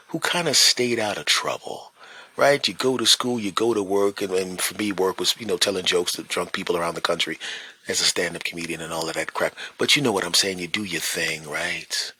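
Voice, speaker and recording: A man's voice: sits low, bright, forceful tone, breathy edge, dry recording. A man, a stand-up comedian hosting a podcast, telling a casual story and checking in with "right?" and "you know.".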